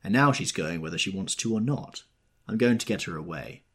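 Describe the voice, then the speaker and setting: A man's voice: sits low, animated, fairly quick, husky, heavily acted. A man reading an audiobook, voicing a sick, worn-out garage owner who speaks tiredly. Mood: weary. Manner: tired, quiet.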